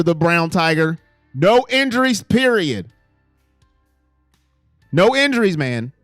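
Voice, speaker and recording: A man hosting a casual sports live stream and reading out fan comments, animated, swinging between low mutters and loud exclamations. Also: measured pace, dry recording, studio quality, soft background music.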